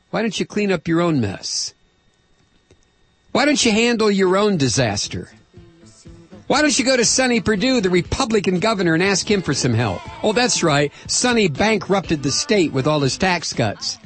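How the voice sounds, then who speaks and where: A middle-aged man ranting on talk radio, combative and sarcastic. His slightly husky voice swings widely in pitch as he builds his anger. It is a dry, close studio sound. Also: sing-song, normal speed, no room sound, faint music behind. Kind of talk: political talk radio monologue. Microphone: close studio microphone.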